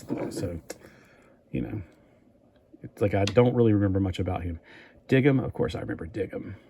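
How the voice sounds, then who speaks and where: A man's voice: fairly low pitch, mellow. A man chatting casually in a toy review vlog, rambling and thinking aloud as he goes.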